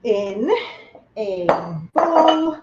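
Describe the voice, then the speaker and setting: A woman's voice: high voice, expressive, very slow, a little mellow, dull audio. A woman from Thailand with a Thai accent, hosting a live online cooking class, chatty and playful, asking viewers questions as she works.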